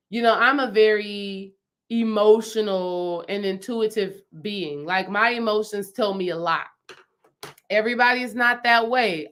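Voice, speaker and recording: A woman with a medium-pitched, slightly bright voice teaches casually as a spiritual healing coach. She's emphatic and chatty, repeating phrases for stress and constantly asking her viewers questions.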